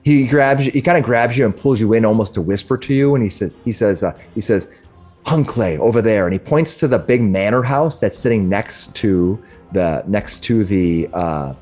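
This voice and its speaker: A man narrating a tabletop game as game master, talking haltingly with many restarts. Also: lowish voice, a little mellow, faint music behind.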